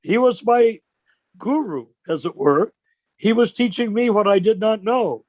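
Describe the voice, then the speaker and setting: An older man leading an informal religious discussion on a video call, telling stories with rhetorical questions in an animated way. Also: sits high, unhurried, dry recording. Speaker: discussion leader.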